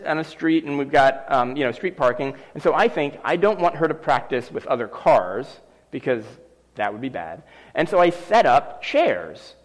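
Man preaching in a reverberant hall. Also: fairly high pitch. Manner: animated storyteller acting out scenes. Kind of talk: sermon storytelling. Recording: long reverb of a large hall.

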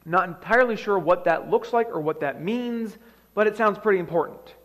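High-voiced preacher in a reverberant hall. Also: male voice, a little fast. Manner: dramatic storytelling with shifting loudness. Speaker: pastor. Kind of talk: sermon. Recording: long reverb of a large hall.

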